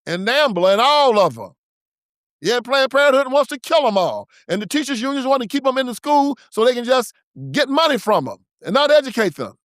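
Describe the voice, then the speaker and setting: A man's voice: very high-pitched, sing-song, a little fast, fairly bright tone, no room sound, studio quality. A man hosting his own show, delivering an emphatic, preachy and confrontational political commentary monologue. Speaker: show host.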